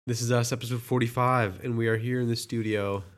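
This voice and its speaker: A young man co-hosting a podcast, telling stories in a laughing, animated way with shrill imitations. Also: fairly quick. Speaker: podcast co-host. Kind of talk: casual chat.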